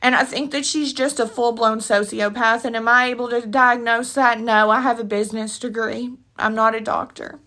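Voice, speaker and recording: A woman's voice: fairly high pitch, steady tone, normal speed, few pauses, pushed and bright. A woman vlogging an emotional opinion rant, blunt and rambling with slangy asides, tearful and sniffly from crying. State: tearful, with a runny nose. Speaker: commentary vlogger.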